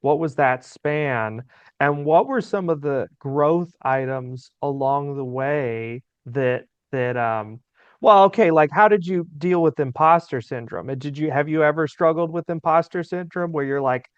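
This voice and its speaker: Smooth-voiced curious podcast host. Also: male voice, a little high, measured pace, no echo. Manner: curious, asks long winding questions. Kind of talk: casual interview. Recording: dull lo-fi audio.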